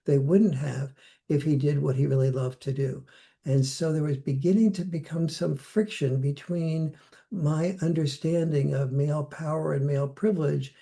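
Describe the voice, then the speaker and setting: An older man, appearing as a podcast guest in a conversational interview, speaks reflectively in a slightly high, gravelly, warm voice. Now and then he acts out the voices of people he quotes.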